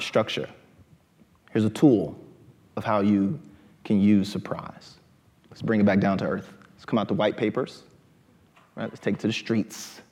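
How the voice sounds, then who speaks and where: A man giving an animated talk to a live audience in a lecture hall, often asking "right?". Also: on the low side, normal speed, long pauses.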